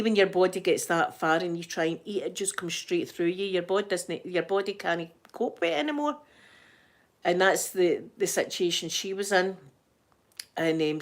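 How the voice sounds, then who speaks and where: Chatty Scottish woman, middle-aged. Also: fairly low pitch. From Scotland. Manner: chatty, rambling, laughs often. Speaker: ASMR channel host. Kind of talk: casual chat to viewers.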